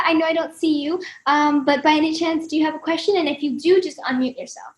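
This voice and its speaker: A woman's voice: sits high, fairly even intonation, brisk, few pauses, fairly bright tone, poor audio. A woman musician as guest in a casual live video-call chat, talking in an effusive, gushing way that often turns emotional.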